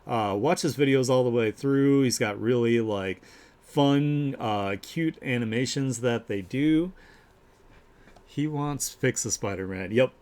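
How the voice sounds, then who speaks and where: A man's voice: medium pitch, unhurried, darkish tone. A man hosting a live art share stream, chatting casually and upbeat, full of fillers and restarts as he gushes over each piece of artwork.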